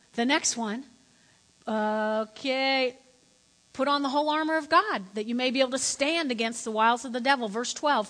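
Woman preacher, high bright voice, lively sermon, echoey hall. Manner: lively, questioning the congregation, swings from quiet to loud.

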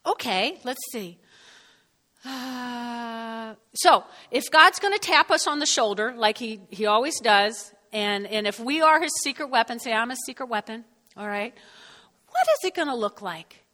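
A woman pastor giving a lively, conversational sermon, calling on the congregation to answer back. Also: a little high, unhurried. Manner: lively, conversational preaching with call-and-response. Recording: long reverb of a large hall.

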